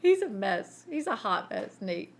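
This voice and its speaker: A woman's voice: mid-range voice, very animated, measured pace. A woman co-hosting a podcast in casual chat, spinning funny anecdotes and laughing at her own punchlines. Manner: chatty storyteller, laughs at her own stories. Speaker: podcast co-host.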